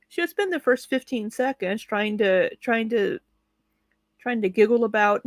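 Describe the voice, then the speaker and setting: A woman's voice: fairly high pitch, moderate pace, no echo. A woman giving blunt, sarcastic commentary while live streaming, swearing freely and laughing between remarks. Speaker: reaction commentator.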